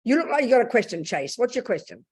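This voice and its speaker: An older woman giving a Buddhist dharma talk, blunt and animated, calling her listeners darling and sweetheart. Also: a little high, quick pace. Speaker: Buddhist teacher.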